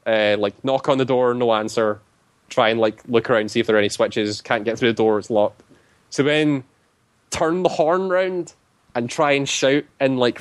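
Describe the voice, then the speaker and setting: A man's voice: medium pitch, dry recording. Casual male storyteller, rambling delivery full of fillers, dry close sound. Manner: rambling, heavy use of "like" fillers. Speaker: tabletop game player.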